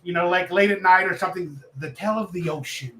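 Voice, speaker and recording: A man's voice: high voice, fast talker, bright, forceful tone. A man speaking as an interview guest, in earnest, rambling casual chat. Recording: echoey room.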